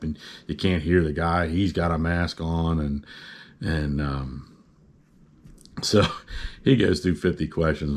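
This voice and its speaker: Deep-voiced man telling a rambling story. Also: a little mellow. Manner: rambling, good-humored, lots of "uh" and "you know". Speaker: vlogger telling a personal story. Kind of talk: casual storytelling.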